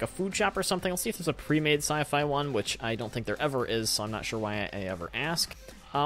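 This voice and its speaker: A man's voice: mid-range voice, fairly bright tone, slight background noise. Rambling man commenting on a game. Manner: rambling, filler-heavy, self-correcting. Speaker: let's play host.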